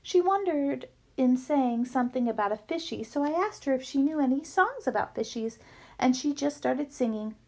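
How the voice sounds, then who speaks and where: Woman reading a kids' novel out loud, lively, voice on the high side. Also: moderate pace. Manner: lively storytelling. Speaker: book reader. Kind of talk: reading a children's novel aloud.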